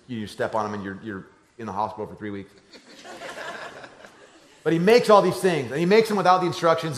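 Animated storytelling pastor in an echoey room. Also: male voice. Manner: storytelling, swings from low hushed lines to loud animated ones. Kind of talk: sermon.

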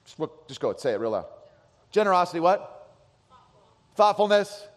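A man preaching a sermon in a large church hall, telling stories with lots of energy. His voice sits a little high for a man and swings from loud bursts to quiet asides. A long reverb trails after his words. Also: moderate pace. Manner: animated storytelling, voices his son and swings from loud to soft. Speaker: pastor.

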